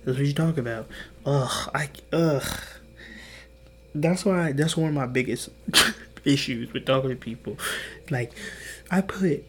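A tired young man hosting a solo podcast, talking in a hushed, half-whispered way, rambling and swearing with little laughs. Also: mid-range voice, measured pace, long pauses, slight background noise. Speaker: podcast host. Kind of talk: solo late-night podcast monologue.

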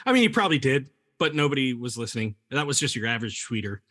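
A man's voice: mid-range voice, very animated, fast, fairly bright tone. A man hosting a comedy podcast who reads researched facts aloud and laughs easily. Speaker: podcast host presenting the story.

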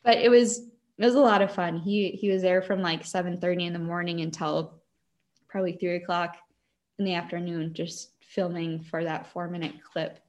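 A woman's voice: fairly low pitch, flat delivery, moderate pace, a little mellow. A young woman with a Wisconsin accent, telling a story as a guest in a casual, chatty way with lots of fillers and giggles.

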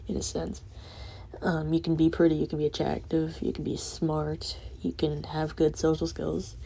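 A drowsy young woman ranting late at night, rambling and swearing with soft laughs breaking in. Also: sits low, creaky, breathy edge. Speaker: vlogger.

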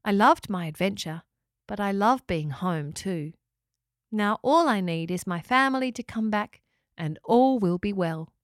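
A woman voicing a gentle, loving talking house in a children's storybook, speaking softly and slowly. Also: mid-range voice, lively intonation, no echo, studio quality, close to an everyday voice. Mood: content.

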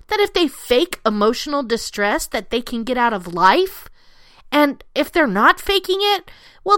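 An angry woman rants with biting sarcasm and plenty of swearing. Her fairly high voice swoops up and down as she hammers each point home. The sound is dry and close, with no room echo. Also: animated, moderate pace, bright, forceful tone. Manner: angry, sarcastic, profane, punchy. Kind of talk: profane political rant to camera.

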